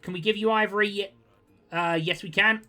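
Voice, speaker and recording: A young man giving casual gameplay commentary, chatty and quick to get exasperated, with jokey asides. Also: high voice, fairly even intonation, sharp tone. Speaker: gaming video creator.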